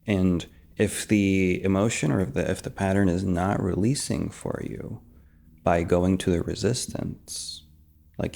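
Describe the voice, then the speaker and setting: Low gravelly man, mellow tone, calm teacher who sometimes whispers. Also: unhurried. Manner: soft, drifts into whispered examples. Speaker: meditation teacher. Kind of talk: calm spoken guidance.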